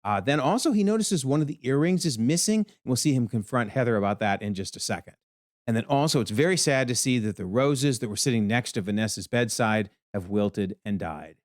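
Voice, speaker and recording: A man giving an animated TV episode breakdown, exclaiming often as he comments. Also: mid-range voice, brisk, no echo, studio quality. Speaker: video commentator.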